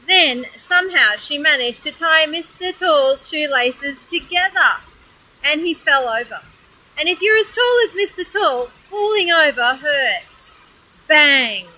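An Australian woman reads a children's picture book aloud outdoors by a waterfall. Her voice is high and bright, and she reads in an animated, expressive way. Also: a little slow, poor audio. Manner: animated, expressive storybook reading. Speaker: storyteller.

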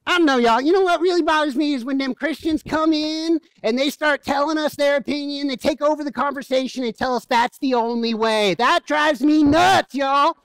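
A man's voice: very high-pitched, moderate pace, hardly any pauses, a bit bright, dry recording, pitched above the performer's own voice, rough recording. A man doing a fed-up Southern waitress. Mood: exasperated. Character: irritated Southern diner waitress woman, blunt.

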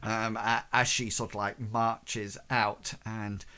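A man running a tabletop game as game master, narrating scenes with lots of fillers and hesitations. His delivery is slow and unhurried. The tone is bright and clear. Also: lowish voice, level tone.

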